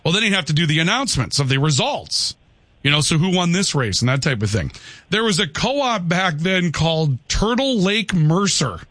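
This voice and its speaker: Bright, lively-voiced radio host. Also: male voice, on the high side, normal speed, dry recording. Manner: jokey, teasing, laughs while telling stories. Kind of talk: casual sports talk radio banter.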